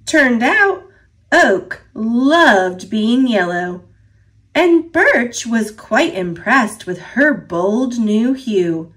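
Slow, expressive woman reading a picture book. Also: fairly high pitch. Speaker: storybook reader. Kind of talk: read-aloud narration for children.

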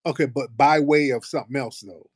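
A man's voice: medium pitch, fairly even intonation, a little fast, dry recording, studio quality. An American man hosting a live audio chat, brash and profane, bantering with callers. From United States. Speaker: host of a live audio space.

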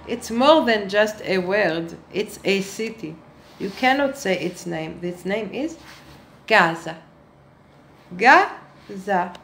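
A woman playing a pompous state spokeswoman who lectures children in a slow, patronizing satirical monologue that spits out "tfu". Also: medium pitch, a bit bright, slight background noise, heavily acted. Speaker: satirical character.

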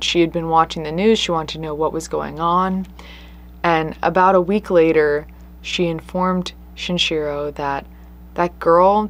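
Low-voiced woman telling true crime. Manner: earnest, conversational, with emphatic stresses. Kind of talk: casual true crime storytelling.

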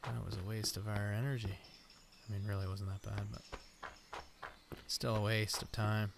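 A man's voice: lowish voice, level tone, normal speed. A man commentating on a survival game as he plays, talking to himself and his viewers and swearing often. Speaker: gameplay commentator. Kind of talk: let's play commentary. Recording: with clear background noise.

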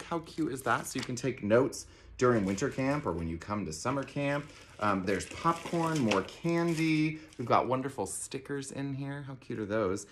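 A man's voice: medium pitch, slight background noise. A man directing a theater camp, gushing and theatrical as he unboxes a gift box in a promotional video.

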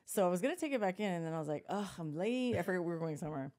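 A middle-aged woman hosts a podcast and tells family stories in a casual chat. Her voice is warm and mellow and sits a little low. She acts out the other people in her quotes. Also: very animated, racing. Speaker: podcast host.

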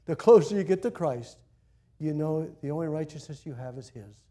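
A male pastor preaching in a church with a slightly higher-than-average voice. He tells stories with animated energy, jumping from loud declarations to hushed asides. His delivery is conversational but emphatic. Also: normal speed. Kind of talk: sermon.

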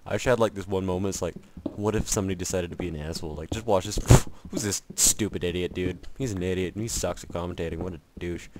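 Over a noisy background, a low-pitched man talks fast through casual let's-play commentary, rambling, joking at his own expense, and chatting to himself and the game.

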